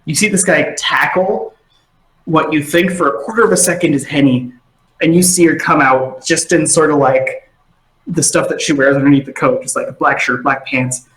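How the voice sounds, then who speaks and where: A man runs a tabletop game, narrating scenes with animated energy. His voice sits a little higher than most men's. The room around him rings with noticeable echo. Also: moderate pace. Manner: animated, acting out side characters. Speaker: game master.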